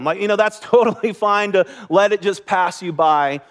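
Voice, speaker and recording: A man's voice: high voice, moderate pace. A man preaching a sermon as pastor, earnest and conversational, with light laughter.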